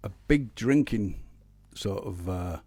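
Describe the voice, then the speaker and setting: A man's voice: lowish voice, expressive, slow pace, warm tone, breathy edge, no echo. A middle-aged man from the Manchester area of England, chatting casually between songs on a live home stream, rambling with blunt humor and lots of fillers. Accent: Northern English, Manchester area. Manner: rambling storyteller, many fillers and restarts, blunt. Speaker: singer-songwriter streaming live.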